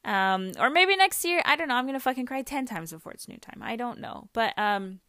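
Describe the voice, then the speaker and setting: A woman's voice: mid-range voice, sharp tone, smooth, dry recording, studio quality. A woman hosting a personal podcast, talking candidly in a rambling way with lots of fillers and casual swearing. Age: adult with a daughter. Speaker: podcast host. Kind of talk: personal reflective podcast monologue.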